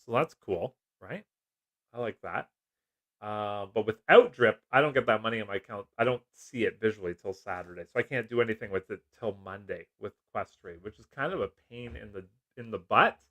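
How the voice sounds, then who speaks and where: A man's voice: lowish voice, brisk, a bit bright. A middle-aged man hosting a casual live stream, jokey and chatty, laughing often as he reads comments. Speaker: livestream host.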